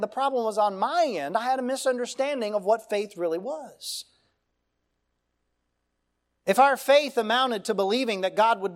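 A middle-aged pastor delivers a sermon in a voice that sits high for a man. He preaches earnestly and emphatically, leaning on rhetorical questions to draw listeners in.

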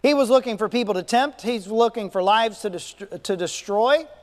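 High-voiced preacher in an echoing hall. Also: male voice, normal speed. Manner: emphatic, repeats key phrases, asks rhetorical questions. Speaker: pastor. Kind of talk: sermon. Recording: long echoing reverb.

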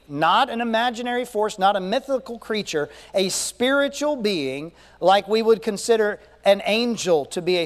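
A male pastor preaching a sermon, emphatic, repeating key phrases and asking rhetorical questions. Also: high voice. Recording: long echoing reverb.

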